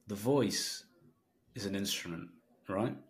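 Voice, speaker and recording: A man's voice: lowish voice, slow. A man hosting a podcast as a sales coach, explaining with confidence and joking examples. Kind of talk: conversational teaching.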